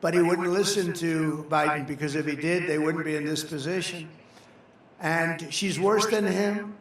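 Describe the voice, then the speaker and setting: A man's voice: a little high, steady tone, moderate pace. A man giving a rambling, off-the-cuff campaign rally speech, repeating phrases for emphasis. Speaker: political candidate at a campaign rally. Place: large rally venue with a crowd. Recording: very echoey venue with crowd noise.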